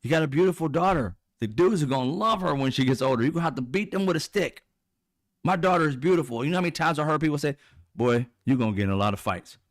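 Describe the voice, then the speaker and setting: Speaking fast in a slightly high voice, a middle-aged commentary channel host tears into politics with heated, blunt, profane mockery.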